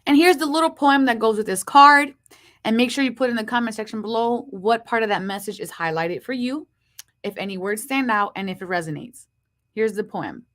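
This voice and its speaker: Upbeat woman with a slight lisp. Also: fairly high pitch. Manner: upbeat, greeting viewers by name; slow hushed reading of card messages. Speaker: host. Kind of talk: live-stream horoscope show.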